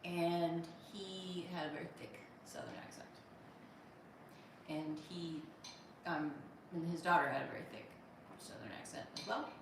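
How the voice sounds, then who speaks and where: A woman's voice: low-pitched, measured pace, pauses often, far from the mic. Chatty woman live-streaming in an echoey room. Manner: chatty, animated, laughs often. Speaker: livestream host. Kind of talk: casual live-stream chat, reading viewer comments. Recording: echoey room, voice off-mic, noisy.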